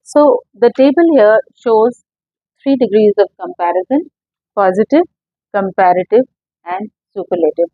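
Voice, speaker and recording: A woman's voice: medium pitch, unhurried, no room sound, dull audio. A woman teaching an English grammar lesson, explaining patiently step by step and asking her students questions.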